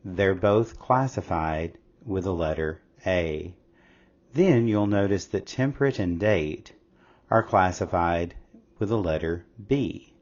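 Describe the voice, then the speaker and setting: A man narrating a scripted English lesson in a slow, measured, explanatory way. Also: on the low side, a little mellow. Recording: slightly dull lo-fi audio.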